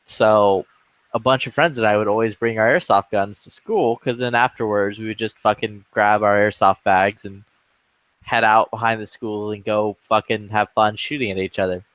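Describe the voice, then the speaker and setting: A man's voice: lowish voice, fairly even intonation, normal speed, a bit bright, dry recording. A young man telling a school story in casual chat, laughing and swearing as he goes.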